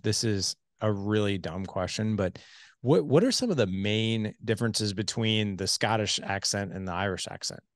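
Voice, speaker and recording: Male podcast host, low-ish voice, loose and joking, dry close mic. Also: normal speed, no echo. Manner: joking, filler-heavy, repeats words. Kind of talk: casual interview chat.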